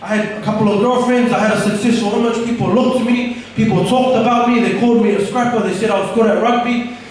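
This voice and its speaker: Speaking quickly in a high-pitched, steady voice, a young adult man shares an earnest and candid personal testimony before an audience, frequently restarting sentences. The recording picks him up from a distance in an echoey room, with slight background noise.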